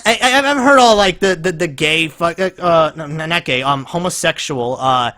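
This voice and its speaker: Guy ranting at a video, swears a lot, rambles, kinda high bright voice. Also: normal speed, few pauses. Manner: profane, rambling, mocking; laughs and restarts a lot. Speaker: reaction commentator. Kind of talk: reaction commentary.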